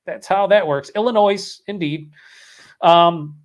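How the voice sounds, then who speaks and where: A man's voice: on the high side, animated, normal speed, a bit bright. A young man hosting a long live beer vlog, rambling casually and swearing often as he reads out chat comments, his voice worn from hours of talking. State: voice worn after hours of streaming.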